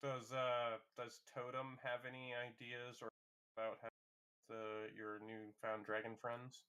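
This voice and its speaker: A man running a tabletop game as game master, relaxed and quick to laugh. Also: mid-range voice, smooth.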